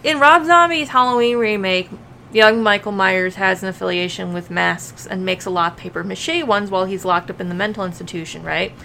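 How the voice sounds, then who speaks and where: A woman's voice: mid-range voice, fairly quick, gravelly, sharp tone. A woman co-hosting a podcast chats bluntly, her voice sitting in a middle range. She swears offhandedly as she talks. A faint hiss runs under the recording. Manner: chatty, blunt, swears casually. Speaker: podcast co-host. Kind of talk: casual chat.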